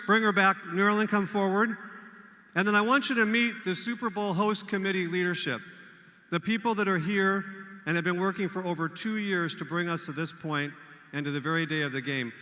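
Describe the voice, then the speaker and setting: Emcee: bright, high-voiced older man, pep-rally energy, echoey hall. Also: brisk. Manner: energetic, leads call-and-response cheers. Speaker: event emcee. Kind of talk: rallying a volunteer crowd. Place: large hall with a crowd.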